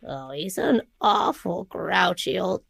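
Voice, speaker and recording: A woman playing a crude, gossipy elderly resident who complains about her neighbor in a slow drawl. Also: fairly low pitch, animated, fairly bright tone, voice pushed down, full character voice. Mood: grumbling. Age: older. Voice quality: gravelly, slow old-lady drawl. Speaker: radio co-host in a prank call.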